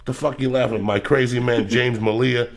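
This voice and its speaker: Gravelly, profane man telling stories. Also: medium pitch, fairly quick. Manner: profane, animated storyteller. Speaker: podcast host. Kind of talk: casual podcast chat.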